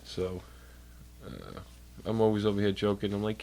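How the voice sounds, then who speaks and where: A man's voice: lowish voice, flat delivery, moderate pace, vocal fry, mellow. A young man streaming from home, chatting casually into a desk mic, rambling and swearing, with a slightly stuffed, nasal nose. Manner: rambling, profane, jokey, talks to chat. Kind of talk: casual chat on a livestream.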